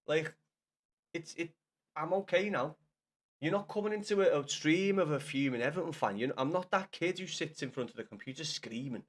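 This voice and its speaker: A young man talks to his live-stream chat in a fairly high voice. He is blunt and sweary, and he teases his viewers in easy, casual banter. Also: moderate pace, pauses often. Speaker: livestreamer.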